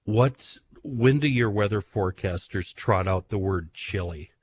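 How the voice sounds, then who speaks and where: A man hosting a radio talk show, griping in mock outrage in a fairly low voice. A faint hiss of background noise sits under him. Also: unhurried. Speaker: radio host. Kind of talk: casual radio chat.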